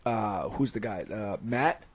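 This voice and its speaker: A man's voice: fairly low pitch, unhurried, slightly rough. Man in loose, filler-heavy podcast chat.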